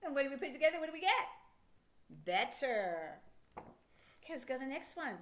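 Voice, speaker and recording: A woman teaching a phonics lesson to children, sounding out words slowly and asking lots of encouraging questions. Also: high-pitched, fairly bright tone. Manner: encouraging, asks many questions.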